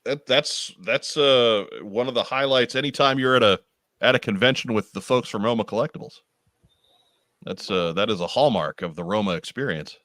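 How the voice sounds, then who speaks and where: A man hosting a podcast in casual chat, reading event details with wry, deadpan asides. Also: mid-range voice, normal speed, no echo. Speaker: podcast host.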